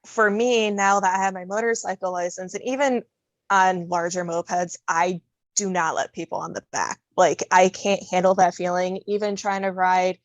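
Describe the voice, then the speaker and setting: A woman's voice: fairly low pitch, steady tone, moderate pace, dry recording, dull audio. A woman talking casually as a podcast guest, telling stories with laughter. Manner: chatty, laughs often, storytelling. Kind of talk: casual conversation.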